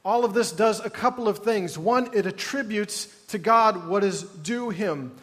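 A man's voice: sits high, measured pace, a bit bright. A man preaching a sermon in a conversational way, with wry asides and mock groans. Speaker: pastor. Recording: long hall reverb.

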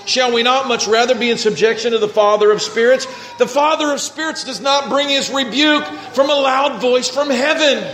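A man's voice: very high-pitched, fairly bright tone, echoey room, a little hiss or hum. A male pastor preaching a sermon, reading scripture and acting out what people might say.

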